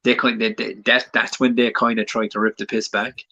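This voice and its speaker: A man with a husky, sharp-edged voice who curses freely and stumbles through his sentences while co-hosting a casual stream. He comes through a dull, lo-fi call line. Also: medium pitch, level tone, fairly quick. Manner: heavy swearing, stumbling restarts. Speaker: podcast co-host. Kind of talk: casual livestream banter.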